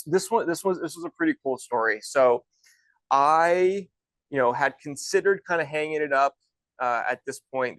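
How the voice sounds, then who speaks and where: A man's voice: medium pitch, fairly bright tone, no room sound, rough recording. A man in his thirties, a golf instructor and former pro, telling stories in a loose, chatty way with many restarts. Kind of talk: casual storytelling.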